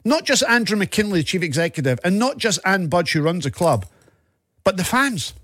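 Scottish male podcast co-host, high-pitched, heated ranter. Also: very animated, normal speed, fairly bright tone, no room sound, clean studio sound. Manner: ranting, sweary, impassioned. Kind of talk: casual football chat.

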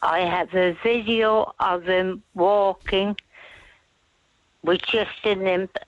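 Aggrieved woman in her sixties, slow. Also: mid-range voice, steady tone, no room sound. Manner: aggrieved, insistent. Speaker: caller, mother and carer. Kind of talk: phone-in radio call. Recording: dull lo-fi phone-in line.

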